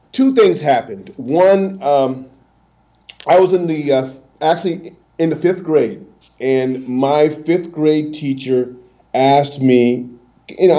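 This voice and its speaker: A middle-aged man with a lifelong stutter, telling his story as a motivational speaker guest, with halting restarts. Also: on the high side, mellow. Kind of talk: storytelling interview answer. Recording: dull lo-fi audio.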